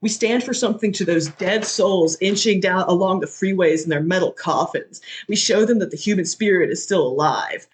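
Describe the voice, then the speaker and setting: A podcaster voicing a charismatic male surfer gang leader who speaks in an earnest, sermonizing way. The quote is set a touch higher than the podcaster's usual telling. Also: normal speed, hardly any pauses, a little hiss or hum, close to an everyday voice. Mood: preachy.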